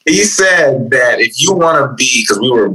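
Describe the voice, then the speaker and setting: A man as a guest, telling motivational stories in an animated way. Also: mid-range voice, moderate pace, low-quality recording. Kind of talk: casual conversation.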